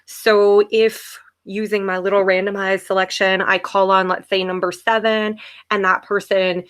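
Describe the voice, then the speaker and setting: A woman teacher giving a casual, upbeat live software demo in a webinar, often saying "okay" and cheering small wins. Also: medium pitch, level tone, moderate pace, clear, resonant tone. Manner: chatty, upbeat, frequent "okay" and "yay".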